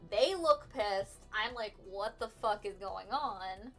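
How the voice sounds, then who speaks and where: A woman's voice: medium pitch, takes it slowly, fairly bright tone, faint music behind. A young adult woman casually telling a story while streaming, in a chatty, profane way with frequent restarts. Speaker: artist streaming her work.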